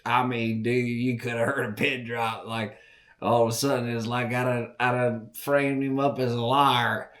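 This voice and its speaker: A man from Southern Virginia with a Southern accent, hosting a podcast and telling hunting stories in a folksy, animated way. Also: mid-range voice, normal speed. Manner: folksy, animated, repeats words while telling a story. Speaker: podcast host. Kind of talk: casual storytelling.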